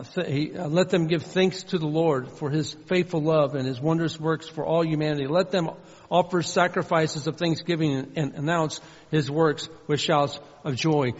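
Male preacher, somewhat high voice, earnest sermon delivery, muffled recording with long hall reverb. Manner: earnest, swings between loud emphasis and soft low asides.

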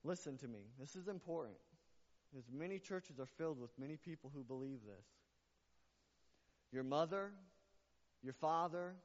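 A man's voice: a little high, a little mellow. Emphatic male preacher in a reverberant church. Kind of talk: sermon. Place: church service. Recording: dull lo-fi with long reverb.

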